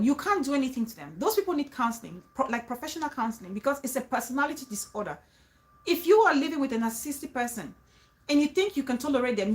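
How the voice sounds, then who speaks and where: A woman talking to her viewers, emphatic and repetitive, often restarting phrases and urging them to trust her. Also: sits high. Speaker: vlogger giving advice. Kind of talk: casual talk to viewers.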